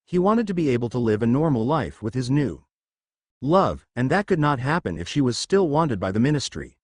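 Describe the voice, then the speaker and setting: A man narrating a fan fiction story in a steady, expressive storytelling voice. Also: mid-range voice, moderate pace, dry recording, studio quality.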